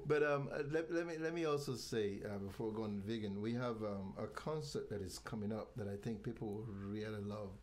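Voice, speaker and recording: A man from Nigeria chatting as a guest, with a somewhat low voice. His delivery is halting and full of restarts, and he slips into promoting events. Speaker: guest, venue owner. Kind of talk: casual interview chat.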